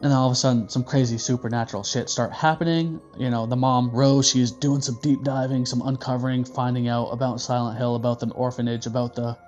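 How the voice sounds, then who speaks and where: A man's voice: medium pitch, brisk, hardly any pauses, highs cut off, soft background music. A man hosting a casual movie review, joking and swearing freely. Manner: profane, joking, animated.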